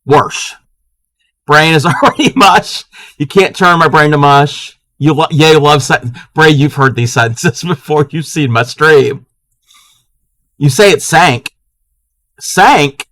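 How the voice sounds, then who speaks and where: A man's voice: on the high side, normal speed, sharp tone, dry recording. A man hosting a casual live crafting stream, chatting playfully with viewers and laughing often.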